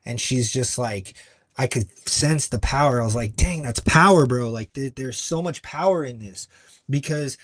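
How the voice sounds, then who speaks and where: A man guest on a podcast, telling a story earnestly and acting out other people's lines with sudden jumps in pitch. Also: moderate pace, dry recording. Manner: earnest, acts out quoted voices with big pitch jumps. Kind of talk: conversational storytelling.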